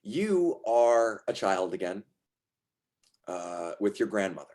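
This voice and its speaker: A man with a fairly low voice narrates as game master. He paints dream scenes softly and slowly, often restarting his sentences. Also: very animated. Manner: soft, slow descriptive narration with restarts.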